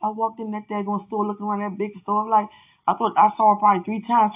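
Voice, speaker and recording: A woman hosts a podcast monologue, chatting away with stories punctuated by laughs and sudden shouts. Her mid-range voice is flat in delivery and she talks fast, over dull audio.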